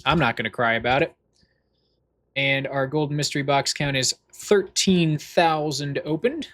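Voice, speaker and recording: A man's voice: fairly high pitch, normal speed, fairly bright tone. A man livestreaming a farming game, chatting casually in a goofy, self-deprecating, rambling way. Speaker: streamer. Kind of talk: casual livestream chat while gaming.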